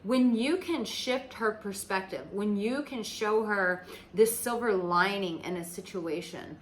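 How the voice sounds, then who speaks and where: A woman's voice: medium pitch, measured pace, a little hiss or hum, rough recording. A woman from the United States, a dating coach, talking casually and emphatically to her audience, swearing freely and filling her speech with "like.". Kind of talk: casual talk to camera.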